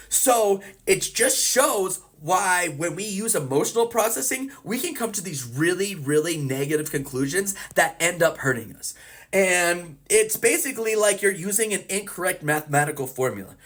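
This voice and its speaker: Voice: mid-range voice, animated, moderate pace, fairly bright tone. A therapist explaining a psychology topic with everyday examples, acting out the thoughts of the people in them. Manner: acts out people's inner thoughts. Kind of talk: educational explainer video.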